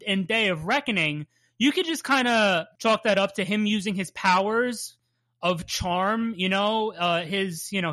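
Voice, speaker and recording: A bright, forward voice tells the story in loose, rambling fashion and jokes and laughs along the way. It swears casually, and the sound is close and dry with no room around it. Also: medium pitch, dry recording. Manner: laughs often and plays up bits. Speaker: podcast co-host recapping a cartoon. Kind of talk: casual podcast chat.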